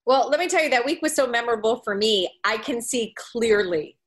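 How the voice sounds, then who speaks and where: A woman's voice: fairly high pitch, lively intonation, brisk. A woman hosting a casual interview, asking questions with enthusiasm. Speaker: interviewer host.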